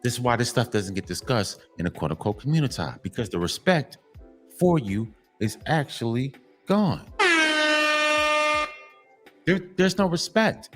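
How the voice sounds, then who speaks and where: Man, blunt lecturing monologue, repeats himself, swears, middle pitch, faint music behind. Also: expressive, a little slow, long pauses. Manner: emphatic and repetitive, lecturing; profane, blunt. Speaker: commentary channel host. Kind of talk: monologue addressed to men.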